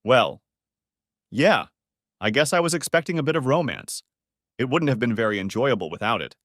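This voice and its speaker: A man reading a story aloud, voicing an emotional, tearful wife with shrill, pleading outbursts. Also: animated, normal speed, fairly bright tone, dry recording, studio quality.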